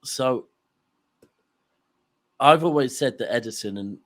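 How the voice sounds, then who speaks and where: A man's voice: medium pitch, slow, a bit bright. An English man speaking as a panelist in a casual football chat, laid-back and wry.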